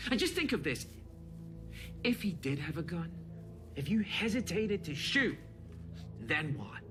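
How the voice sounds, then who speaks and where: A middle-aged actor playing a hardened veteran police officer near retirement, pressing and defensive, with a score playing under him. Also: male voice, a little high. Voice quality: hard, pressing. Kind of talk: film drama acting. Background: film score music.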